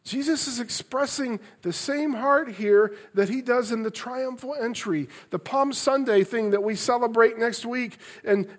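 A male pastor preaches a sermon earnestly and expressively in a very high voice, moving between loud emphasis and soft, tender passages. He speaks a little slowly, with hardly any pauses.

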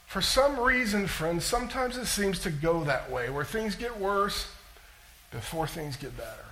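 A male pastor preaches in a notably high voice. His delivery is animated and conversational, and he keeps putting questions to his listeners. It sounds like a sermon to a congregation. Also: normal speed, poor audio.

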